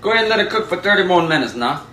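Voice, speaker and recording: A man's voice: sits high, expressive, rapid-fire, sharp tone. A man calling out the steps of a cooking video in a folksy way, talking straight to the viewers. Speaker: home cook.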